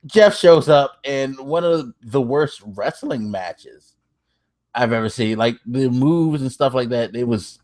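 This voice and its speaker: A man hosting a podcast, recapping wrestling in casual chat. He gets excitable, swears freely and laughs as he tells it. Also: medium pitch, slow pace. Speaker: podcast host.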